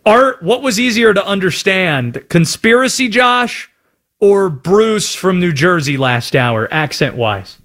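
A man from North Carolina hosting sports talk radio, chatty and animated. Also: sits high, slow.

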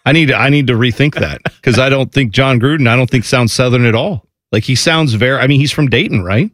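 A man's voice: mid-range voice, quick pace, a bit bright, dry recording. Male radio co-host, easygoing rambling talk, dry studio mic. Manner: rambling, self-mocking. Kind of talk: casual morning radio chat.

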